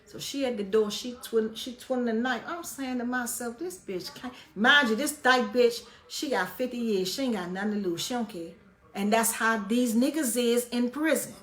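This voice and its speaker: A woman vlogger telling a story in a blunt, profane, casual way, her loudness swinging up and down with the tale. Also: fairly high pitch, normal speed.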